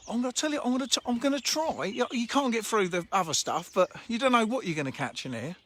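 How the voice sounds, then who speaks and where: A man's voice: very high-pitched, expressive, fast talker, hardly any pauses, a bit bright, no room sound. A man who owns a fishery, chatting casually on a live stream from his phone and answering viewers' comments with a laugh. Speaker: fishery owner. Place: outdoors by a fishing lake. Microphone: handheld phone. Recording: faint outdoor noise and birdsong. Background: birdsong.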